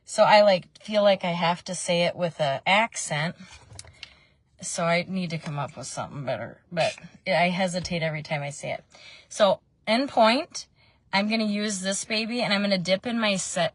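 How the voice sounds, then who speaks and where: A woman's voice: on the low side, moderate pace, no echo. A woman in her thirties chatting casually while doing her makeup in a parked car, meandering between tips and family news with frequent ums. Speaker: makeup vlogger. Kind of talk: casual makeup tutorial chat.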